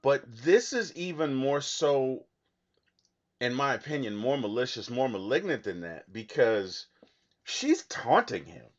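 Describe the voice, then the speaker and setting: A man in casual conversation about a film whose pitch swings widely as he talks with earnest emphasis. He often restarts his sentences. The recording sounds slightly dull and lo-fi. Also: sing-song, measured pace. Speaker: movie podcast co-host. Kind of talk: casual movie discussion.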